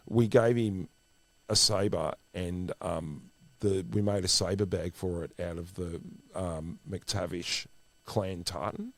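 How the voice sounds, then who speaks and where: A middle-aged man hosting a podcast in casual chat. He tells lively anecdotes and acts out the voices of the people in them. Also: low voice, slow pace. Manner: animated storyteller who acts out the voices of the people in his stories. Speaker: podcast host.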